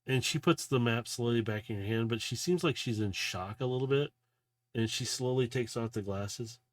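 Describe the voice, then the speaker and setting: A man's voice: mid-range voice, normal speed. A man narrating a tabletop role-playing game as game master, in a loose, casual way full of filler words.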